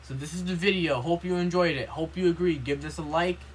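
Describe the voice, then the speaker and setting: A man's voice: on the high side, a little fast, a little hiss or hum, low-quality recording. A man vlogging in a casual, rambling monologue, indignant and complaining, filling every line with "you know" and "like".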